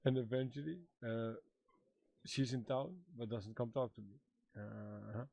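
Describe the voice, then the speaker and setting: A cheerful tribesman rambles through a story in broken English, mimicking everyone he quotes, as a man plays him. The voice sits at an ordinary pitch and the sound is dry and close, with no room at all. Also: steady tone, measured pace, vocal fry, mellow, no echo. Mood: amused. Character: Wapiti tribesman Mato, married man, playful storyteller. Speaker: roleplayer in a western game. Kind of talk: in-character roleplay chat.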